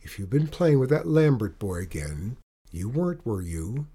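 A man's voice: on the low side, very animated, normal speed, warm tone, husky, heavily acted. A man voicing a mother dragon who scolds and coaxes her son. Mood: stern. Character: mother dragon, stern yet caring.

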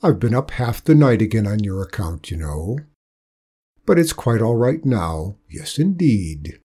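Death as a smug, fussy bureaucrat in a storybook reading, put on by a man narrating. He talks in a low, husky, dark voice, slowly and with relish, as if every appointment were a favour. His tone stays officious and self-pleased. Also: sing-song, full character voice.

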